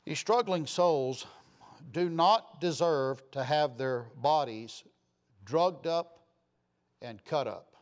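A man's voice: fairly high pitch, slow. Impassioned man preaching a sermon. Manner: impassioned, swinging between loud declarations and soft asides; rhetorical questions to the listeners.

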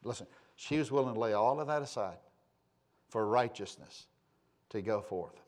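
A man preaching a sermon, shifting between loud, emphatic passages and quiet, low asides, with a folksy storytelling manner. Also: lively intonation, moderate pace. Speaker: pastor.

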